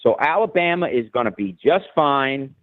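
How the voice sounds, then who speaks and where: A man from New Jersey calling in to a show, rambling and halting with many restarts. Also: mid-range voice, animated, no room sound. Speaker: caller. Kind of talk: call-in rant. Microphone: phone. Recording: tinny phone line.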